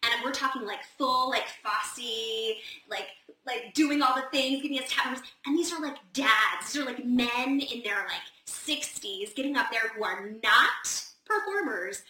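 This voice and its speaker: A woman's voice: on the high side, measured pace, pushed and bright, far from the mic. A woman hosting a casual live Q&A, chatty and gushing, with lots of "like" fillers. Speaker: host of a live advice session. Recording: roomy echo, set back from the mic, faint noise.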